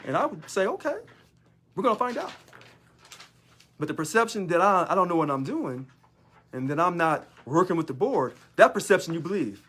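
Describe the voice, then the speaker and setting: A man's voice: fairly high pitch, animated, a little fast, fairly bright tone. A man, a union local leader, talking in a sarcastic monologue full of rhetorical questions. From United States. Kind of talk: casual monologue video.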